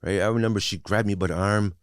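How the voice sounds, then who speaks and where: A man in his forties, a guest, tells his life story bluntly and with plenty of profanity, often restarting and tacking on "you know what I mean." English isn't his first language. His lowish voice is steady, fast, clear and resonant, recorded clean in a studio with no echo.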